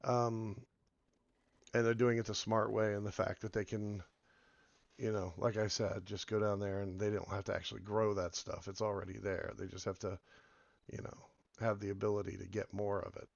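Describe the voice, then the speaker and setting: A man with a hoarse voice from being sick, rambling casually as he comments on a game and drifts between topics. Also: on the low side, level tone, normal speed, dry recording, lo-fi sound. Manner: rambling, meandering, many fillers. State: hoarse from illness. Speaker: game video host.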